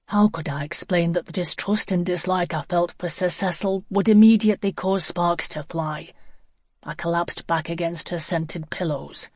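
An audiobook narrator reading a first-person novel in a measured, reflective way. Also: mid-range voice, steady tone, slightly rough, no room sound, studio quality.

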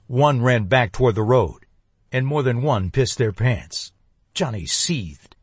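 A man narrating a first-person thriller audiobook in a measured, tense voice. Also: medium pitch, husky, dry recording.

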